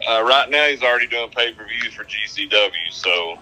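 Bright, blunt man co-host. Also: mid-range voice, moderate pace, faint music behind, low-quality recording. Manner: blunt, joking. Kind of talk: casual chat.

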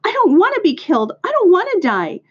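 A woman reading a storybook aloud, voicing a timid young male pig who pleads in a high, squealing voice. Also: huge pitch swings, measured pace, husky, full character voice. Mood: panicked. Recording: dull lo-fi recording.

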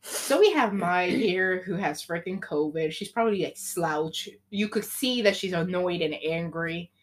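A young woman chatting casually, playfully acting out a made-up story with quick character voices. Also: on the low side.

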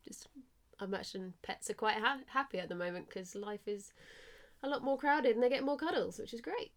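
Bubbly woman, slightly high voice, casual co-host. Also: brisk. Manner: bubbly, laughs easily. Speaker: radio show co-host. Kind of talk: casual live-stream chat.

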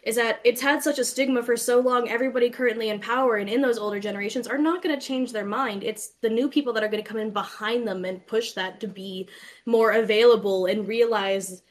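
A woman's voice: fairly high pitch, fairly even intonation, fairly quick. A young woman co-hosting a podcast, rambling in casual stoned chat and swearing freely. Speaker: podcast co-host.

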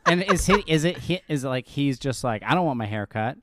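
A man co-hosting a casual podcast chat, asking short relaxed questions and giving brief reactions. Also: mid-range voice, brisk, no echo.

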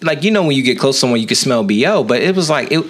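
A young man on a podcast tells a story with crude humor. His voice sits at an ordinary pitch but moves a lot, rising and falling as he jokes. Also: rapid-fire. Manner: animated, crude joking storyteller. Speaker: podcast co-host. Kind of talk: casual chat.

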